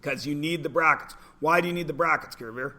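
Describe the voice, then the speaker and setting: A man's voice: on the high side, fast, sharp tone. A man in his forties teaching a math class, chatty and joking, asking the class questions in between. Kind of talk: classroom lecture with anecdotes.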